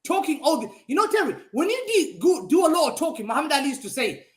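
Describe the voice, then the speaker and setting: A man's voice: very high-pitched, fast. A man giving a heated, mocking football rant as a regular pundit on a fan talk show, repeating his points for emphasis. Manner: animated, mocking, emphatic repetition. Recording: roomy echo.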